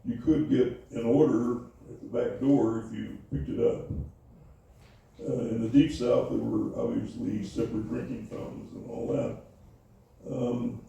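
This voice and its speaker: An older man recalling his Navy years in an oral history interview, speaking haltingly with many fillers and restarts. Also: medium pitch, fairly even intonation, creaky, dark tone, slight background noise. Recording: echoey room, voice from far off.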